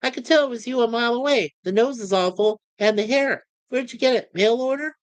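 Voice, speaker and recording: A woman voicing a sharp-tongued young woman who teases and mocks. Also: a little high, a little fast, dry recording, pitched above the performer's own voice, close to an everyday voice, low-quality recording. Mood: teasing. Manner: mocking, teasing.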